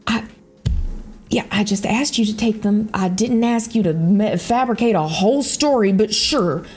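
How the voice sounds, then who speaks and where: A woman's voice: mid-range voice, normal speed, soft background music. A young woman with a Southern US accent, rambling through casual stories while she plays a game, swearing freely. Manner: rambling, animated, swears freely, frequent laughter. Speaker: YouTuber. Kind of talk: casual storytelling chat.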